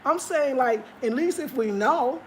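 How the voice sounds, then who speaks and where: A woman's voice: sits high, unhurried, slight background noise. A woman hosting a live stream from Ghana, candidly chatting and answering viewer comments. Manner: candid, animated, talks straight to viewers. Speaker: livestream host. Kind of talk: casual chat reading viewer comments. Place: home in Ghana.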